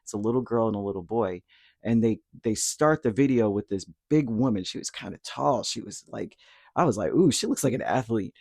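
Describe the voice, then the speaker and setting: A man's voice: on the low side, a little fast, darkish tone, no echo, studio quality. A man giving a casual, rambling tarot reading, talking conversationally with lots of fillers and asides. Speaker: tarot reader.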